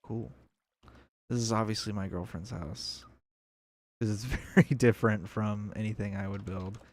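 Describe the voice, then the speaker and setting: A man's voice: lowish voice, fairly even intonation, moderate pace, a little mellow. A young man giving casual, rambling commentary on a video game as he plays, thinking aloud. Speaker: gameplay video creator.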